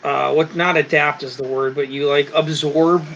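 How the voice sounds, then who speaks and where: A man's voice: on the high side, fairly even intonation, moderate pace, a bit bright. A man from Alabama with a Northeastern US accent, hosting a casual chat and trading joking jabs. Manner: teasing, joking banter. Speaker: channel host. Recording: muffled lo-fi sound.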